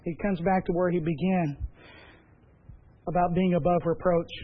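A man preaching as pastor, emphatic and measured, with repeated phrases. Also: sits high, fairly even intonation, narrow, tinny audio. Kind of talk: sermon.

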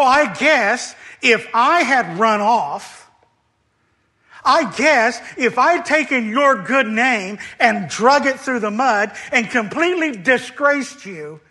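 A man's voice: very high-pitched, pushed and bright, voice pushed up, exaggerated voice. A man playing a bitter, sarcastic elder son. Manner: sarcastic, aggrieved complaining.

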